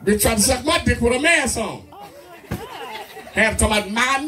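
A man doing a crude, rowdy stand-up set full of loud character bits. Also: extremely high pitch, lively intonation, moderate pace, pauses often. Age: 40s. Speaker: stand-up comedian. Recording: live club mic, distant with crowd noise.

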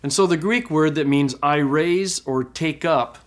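A man teaching a recorded class, explaining step by step, often checking in with "okay?", and slowing way down to model pronunciations. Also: on the high side. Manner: slow, drawn-out demonstration of pronunciations. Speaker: Greek teacher.

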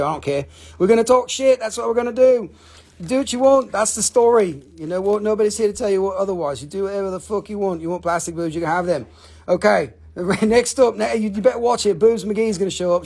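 A man hosting a live rock sale, joking, excitable and swearing freely as he runs quick auctions. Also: high voice, breathy edge. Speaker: livestream rock seller. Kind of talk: live auction sales chat.

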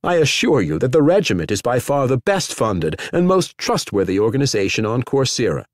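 A male audiobook narrator voicing a brisk, bossy woman administrator in a high, raised voice. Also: sing-song, no echo, clean studio sound. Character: brisk middle-aged woman regiment administrator.

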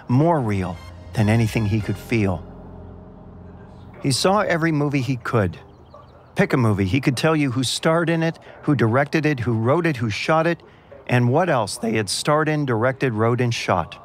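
A man giving measured, dramatic, scripted narration for an audio drama. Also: mid-range voice.

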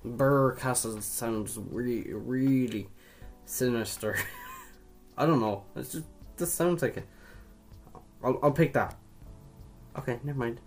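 A man's voice: mid-range voice, slow pace, long pauses, soft background music. A young man from Ireland doing casual quiz commentary, chatty, swearing casually and laughing at his own jokes. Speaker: video creator.

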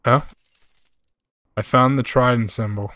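Young guy gamer streamer, super chill, calls everyone bro, mid pitch. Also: steady tone, a little slow, fairly bright tone. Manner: laid-back, chatty, says "bro" a lot. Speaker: gaming streamer. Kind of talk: live gameplay commentary reading chat.

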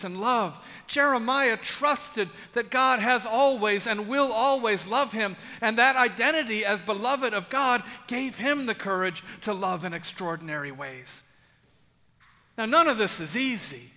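A man preaching in a large church with a high, bright voice. He speaks earnestly and intimately, leaving dramatic pauses. A long reverb trails after his words. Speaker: pastor. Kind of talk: sermon.

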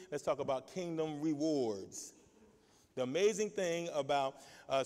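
A male pastor preaching an exuberant sermon, shouting and calling out to his congregation for responses. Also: high-pitched, big-room sound. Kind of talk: lively sermon with call and response.

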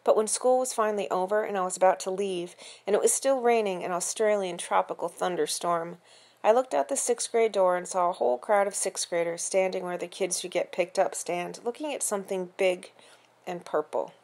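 A woman reads a children's chapter book aloud at a middling pitch. She tells the story in an easy, expressive, conversational way. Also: brisk. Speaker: reader. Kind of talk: reading a children's novel aloud.

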